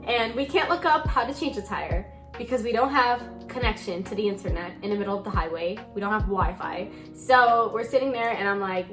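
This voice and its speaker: A young woman in her twenties tells a story straight to camera, her voice sitting a touch high. She rambles in an animated way and swears freely. Faint music plays quietly underneath her. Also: moderate pace. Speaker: vlogger. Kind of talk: casual storytime chat.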